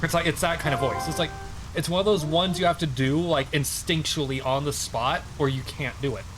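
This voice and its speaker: A man's voice: a little high, brisk, over music, low-quality recording. A man streaming a video game, chatting casually and rambling with lots of filler words. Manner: rambling, heavy use of "like" fillers. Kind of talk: casual gameplay commentary.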